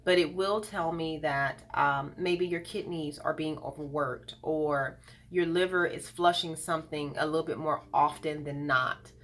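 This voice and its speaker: Earnest lower-voiced woman. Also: a bit bright, slight background noise. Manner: earnest, thoughtful, pauses with frequent ums. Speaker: iridologist and colon hydrotherapist. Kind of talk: heartfelt talk to camera.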